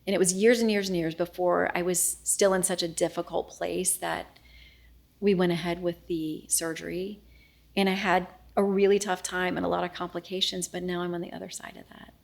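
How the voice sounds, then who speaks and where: In an interview segment featuring a news anchor and a guest, a middle-aged woman shares an emotional personal ordeal, speaking earnestly and reenacting conversations, often dropping to a near-whisper as she does. Her voice is slightly low with a gravelly fry, and it moves little in pitch at a normal speed.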